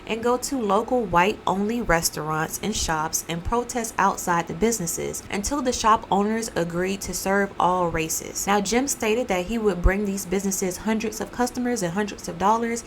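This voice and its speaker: Woman host, casual animated storytelling, playful character voices, faint background noise. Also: mid-range voice, rough recording. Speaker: podcast host.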